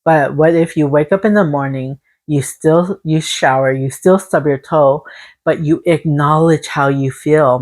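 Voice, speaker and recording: A woman's voice: low voice, steady tone, a little slow, a little mellow. A woman giving a casual spiritual tarot reading to her viewers. She sounds encouraging and speaks in long, repetitive lists. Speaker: tarot reader.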